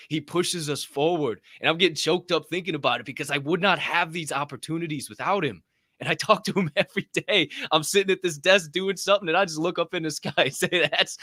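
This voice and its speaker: A fervent man co-hosting a podcast, pitched a little above average, with a forceful, bright edge. His voice sounds dry and close. He preaches in a loose, swearing, motivational way. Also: no echo. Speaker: podcast co-host. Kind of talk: motivational faith talk.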